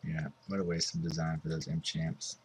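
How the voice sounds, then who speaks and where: A man's voice: very deep voice, little pitch movement, normal speed, noisy background. A man in his twenties from Southern California, giving casual, rambling commentary over a mobile game. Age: 20s. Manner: rambling and offhand.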